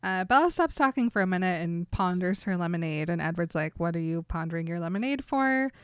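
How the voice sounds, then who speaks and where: A woman's voice: lowish voice, lively intonation, brisk, clear, resonant tone, no room sound, clean studio sound. A woman chatting casually, retelling scenes in quoted dialogue and laughing often. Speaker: podcast co-host recapping a book. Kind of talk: casual chat.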